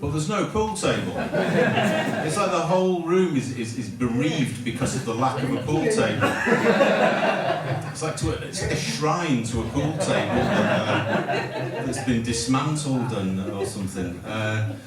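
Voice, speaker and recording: A man's voice: medium pitch, expressive, a little slow, a loud crowd. A middle-aged man doing a stand-up set in a pub, rambling and stopping himself often before landing dry punchlines. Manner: rambling, self-interrupting delivery with dry punchlines. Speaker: stand-up comedian. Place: pub function room at a comedy night. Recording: echoey pub room, from a distance. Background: audience laughter and room noise.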